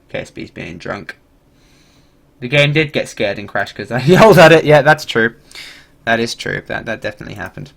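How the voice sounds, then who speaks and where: This livestreamer has a mid-range voice with vocal fry and talks at a moderate pace while playing a game. He chats casually and animatedly, wandering off topic, cursing, and laughing without restraint.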